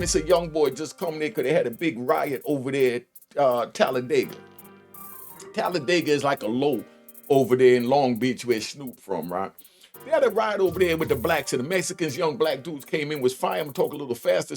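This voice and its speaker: A man in his sixties rambles through a story in loose street slang, circling back with restarts and asides. His voice sits a bit high for a man. Faint music plays underneath. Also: brisk. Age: 60s. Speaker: host. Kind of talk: casual storytelling commentary.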